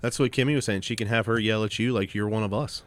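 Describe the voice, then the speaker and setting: A man's voice: on the low side, steady tone, fast. A man co-hosting a podcast in casual, laid-back chat. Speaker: podcast co-host.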